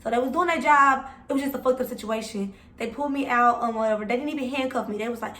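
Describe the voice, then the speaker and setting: A woman's voice: a little high, quick pace, a bit bright. A young woman vlogger telling a story casually and with swearing, talking straight to her viewers. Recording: echoey room, mic at a distance.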